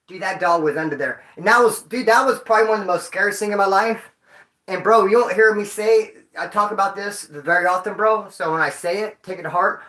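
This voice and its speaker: A man tells stories to his viewers in a rambling way, heavy with street slang and profanity. His voice is bright and forceful. The room around him is echoey. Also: sits high, a little fast. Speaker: vlogger. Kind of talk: casual storytelling to viewers.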